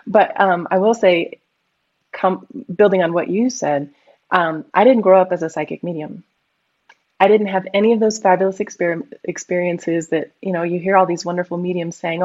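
A middle-aged woman from the United States telling a personal story in a lively, animated way in casual conversation. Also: lowish voice, moderate pace. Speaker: guest medium and Reiki practitioner. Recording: slightly dull lo-fi audio.

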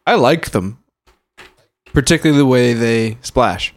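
A man's voice: mid-range voice, expressive, unhurried. A man from Canada trading sardonic, profane jokes in improvised comedy banter.

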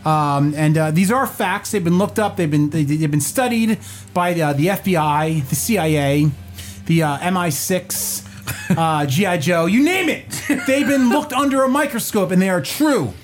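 A man's voice: sits high, normal speed, soft background music. A man hosting a podcast in casual banter, joking loosely and swearing freely. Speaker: podcast host.

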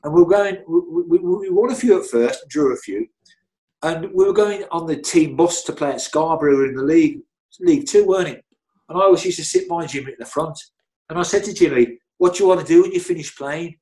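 A man's voice: a little high, lively intonation, fairly quick, warm tone. A middle-aged man, a guest telling rambling, chatty anecdotes full of restarts and "you know"s. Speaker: interview guest. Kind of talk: anecdotal storytelling.

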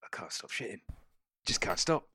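A man's voice: normal speed, pushed and bright, dry recording, close to an everyday voice. A man voicing a fretful male crewman who mutters and grumbles under his breath. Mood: grumbling. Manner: muttering, chuntering.

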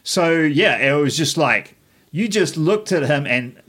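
A man in his fifties from New Zealand co-hosting a casual podcast, telling rambling stories with frequent pauses and restarts. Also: on the high side, husky. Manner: relaxed, halting, rambling anecdotes. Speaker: podcast co-host. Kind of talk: casual chat.

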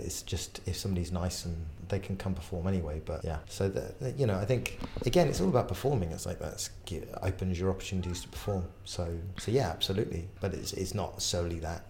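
A man, a comedy promoter, telling stories and joking in a relaxed interview. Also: deep voice, fast, hardly any pauses, a little hiss or hum. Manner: jokey, laid-back storyteller. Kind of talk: casual interview chat.

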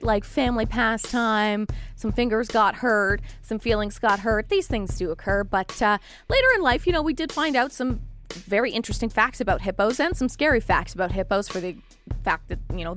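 A woman hosting a casual news podcast, reading the stories with wry, joking asides. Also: medium pitch. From Canada. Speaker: podcast host.

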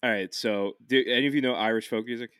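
A man, hosting a casual podcast. He talks in a loose, rambling way, swearing often and restarting his sentences. His voice sits at a middle pitch and sounds dry and close. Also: quick pace, fairly bright tone, smooth, no room sound. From Philadelphia, USA. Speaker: podcast host.

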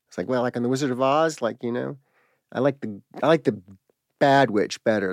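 A man telling a personal story in a halting, reflective way, pausing and restarting as he searches for words. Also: medium pitch, creaky, dry recording, studio quality.

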